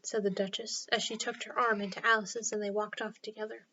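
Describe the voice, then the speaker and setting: A woman's voice: mid-range voice, level tone, a little fast, sharp tone, lo-fi sound. Woman reading a storybook aloud. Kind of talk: storybook read-aloud narration.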